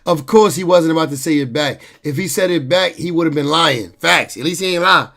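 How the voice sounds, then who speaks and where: A man's voice: a little high, fairly quick, gravelly, fairly bright tone. A man joking loosely as he reacts to a clip and talks to his chat. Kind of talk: casual reaction commentary.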